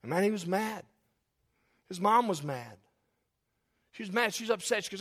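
A man preaching a sermon in church, swinging between loud emphatic lines and soft, quiet asides. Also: sits high, animated, normal speed, long pauses. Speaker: pastor.

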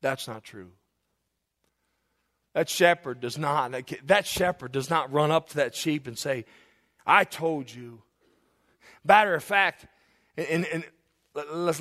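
A man's voice: fairly high pitch, a bit bright. A male preacher delivering a sermon, asking his listeners rhetorical questions, repeating phrases and building to passionate climaxes.

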